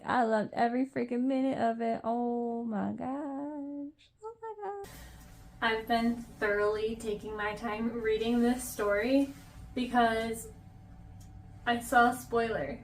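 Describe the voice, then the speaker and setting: A woman's voice: on the high side, fairly bright tone. A young woman in a casual reading reaction vlog, gushing and emotional, near tears as she talks. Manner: gushing and emotional, many exclamations. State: tearful. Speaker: book vlogger.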